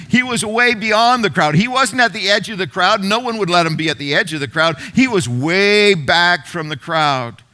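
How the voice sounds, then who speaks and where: A middle-aged man preaches to his congregation as pastor, retelling a story with repeated phrases for emphasis. His voice sits high and bright. He lets some words fall to a near hush before building back up. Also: expressive, moderate pace, few pauses. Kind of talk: sermon.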